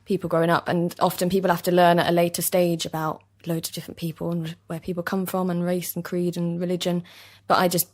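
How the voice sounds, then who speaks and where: East london girl chatting on a podcast, low-ish voice, agreeable, quick to laugh. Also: completely flat delivery. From East London, England. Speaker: actor guest. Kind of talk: casual interview chat. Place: basement recording studio.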